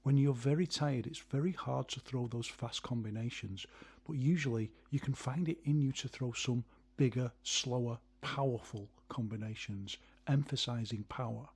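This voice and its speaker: A man with a slightly husky, breathy voice talks through martial arts technique in a steady explanatory manner. His pitch sits in an ordinary middle range, and he counts out rhythms as he demonstrates. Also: moderate pace. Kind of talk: instructional video narration.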